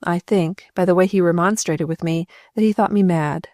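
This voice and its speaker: A woman narrating a first-person novel as an audiobook, in a steady, measured read on a close microphone. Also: on the low side, dry recording.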